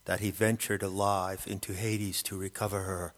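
Husky wistful queen of the dead, read by a guy, lowish voice, long echoey tail. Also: level tone, normal speed, close to an everyday voice. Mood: pensive. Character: regal queen of the dead, woman, pensive and wistful. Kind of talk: audiobook character reading. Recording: long hall reverb.

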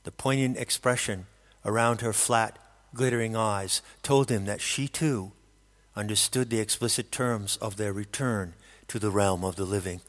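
A man narrating an audiobook in a steady, measured storytelling manner. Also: fairly low pitch. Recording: long hall reverb.

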